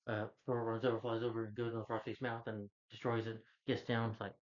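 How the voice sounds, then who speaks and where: A man's voice: lowish voice, level tone, fast talker, highs cut off. A man who reviews movies, casually retelling a film's plot in a loose, rambling way with lots of "like" and "you know".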